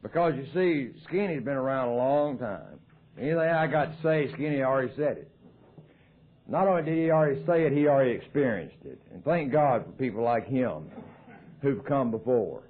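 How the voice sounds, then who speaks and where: This AA speaker from the American South has a Southern American accent and a folksy, joking storytelling manner. His medium-pitched voice has lively intonation and a moderate pace, and he's giving a recovery talk at a meeting, captured on tinny old tape.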